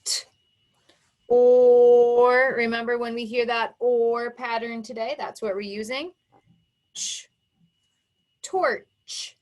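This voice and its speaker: Slow, clear-spoken woman phonics teacher. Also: fairly high pitch, fairly even intonation. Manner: sounds words out slowly and emphatically, warm encouraging praise. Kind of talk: slow, exaggerated phonics dictation for young children.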